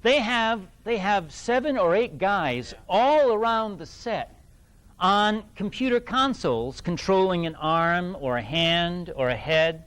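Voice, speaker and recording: A middle-aged man from New England telling an anecdote to a fan audience, animated and laughing, with many restarts. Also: high-pitched, slow, clean tone. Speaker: guest actor at fan event. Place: event hall with audience.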